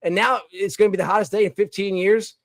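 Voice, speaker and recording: Rambling young man, fairly high voice. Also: fast, no room sound. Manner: rambling, animated, with many restarts and fillers. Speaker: podcast host. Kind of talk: casual opinion segment.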